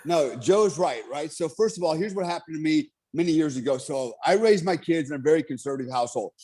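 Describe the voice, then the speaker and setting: High-voiced blunt middle-aged man. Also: expressive, brisk, warm tone, husky. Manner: blunt, profane, emphatic. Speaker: guest. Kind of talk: casual storytelling on a podcast.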